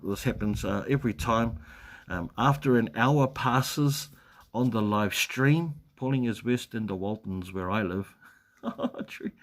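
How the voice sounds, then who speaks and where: Reading out comments from viewers on his laid-back live stream, a New Zealand man speaks in a mid-range voice and a Kiwi accent. His talk wanders, full of restarts and filler words.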